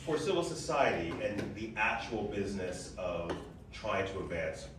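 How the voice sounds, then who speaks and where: A man with a fairly low voice moderates the conversation, joking and hesitating as he moves to the next question. He sounds far from the mic in a very echoey room, with clear noise behind him. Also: big pitch swings, moderate pace. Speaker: interviewer, moderator. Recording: echoey and distant, audible noise.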